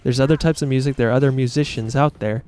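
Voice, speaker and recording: A male YouTuber thinks aloud to his viewers in an unscripted, reflective monologue. His voice sits at an ordinary middle pitch. He comes across as earnest and self-critical, and his thoughts ramble as he goes. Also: fairly even intonation, fast, a little mellow.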